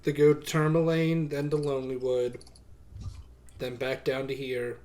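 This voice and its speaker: A man voicing a quiet, balding male innkeeper who speaks in a flat monotone in a tabletop game. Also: medium pitch, a little slow, close to an everyday voice.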